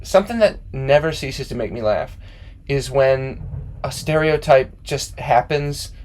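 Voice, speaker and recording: Homem animado num podcast. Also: male voice, mid-range voice, unhurried. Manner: laughing, animated storyteller. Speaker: podcast co-host. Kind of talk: casual chat. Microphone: close podcast mic.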